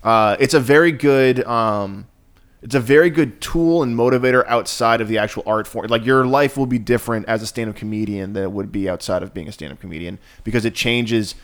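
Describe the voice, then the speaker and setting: A stand-up comedian hosting a podcast in a loose, relaxed chat. His voice sits at an ordinary middle pitch. He swears freely and trips over his restarts as he works out his point. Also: brisk, clear, resonant tone.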